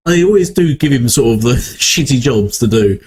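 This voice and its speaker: A man's voice: medium pitch, lively intonation, normal speed, darkish tone, slightly rough. A young man hosting a reaction video, rambling and correcting himself as he thinks aloud. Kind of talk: casual reaction commentary.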